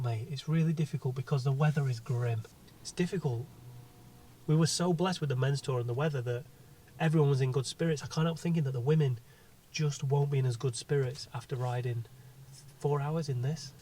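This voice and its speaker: A man's voice: on the high side, a little fast. A cheeky, joking man presenting a vlog outdoors by a race course with a handheld mic, bantering with passers-by. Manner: cheeky, playful, banters and shouts to passing riders. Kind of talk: joking roadside vlog commentary. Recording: faint outdoor street noise.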